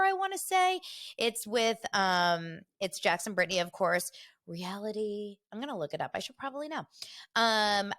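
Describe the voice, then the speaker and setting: A woman hosts her own podcast in a loose, gossipy chat. Her voice sits slightly low. She is middle-aged, animated, and quick to act out the people she talks about. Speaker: podcast host. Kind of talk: casual solo podcast chat.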